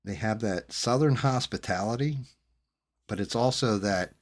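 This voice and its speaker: Host, middle-aged man from New Jersey; low-pitched, profane, rambling casual storyteller. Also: unhurried. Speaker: streamer host chatting with viewers. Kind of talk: casual chat.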